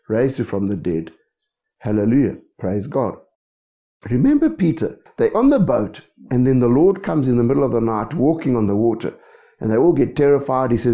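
A man's voice: medium pitch, animated, normal speed, mellow. A man preaching a sermon, who keeps checking in with his congregation. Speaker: pastor. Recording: dull lo-fi recording.

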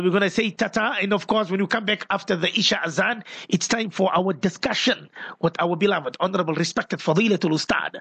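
Brief: high-voiced South African male radio host, lively, dry close studio sound. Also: breathy edge, dry recording. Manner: animated, exclaiming and reading out listener messages. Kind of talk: radio call-in show hosting.

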